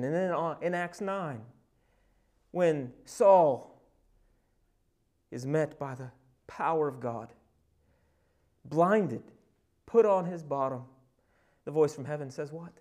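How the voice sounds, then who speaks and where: A male pastor preaching a sermon. He retells scripture scenes with conversational asides, swinging from loud emphasis to hushed, near-whispered passages. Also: a little high, measured pace, long pauses.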